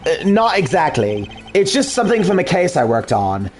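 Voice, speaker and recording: A man voicing a composed, formal male prosecutor with a dry, measured delivery, in a fan dub of a video game. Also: high voice, sing-song, soft background music.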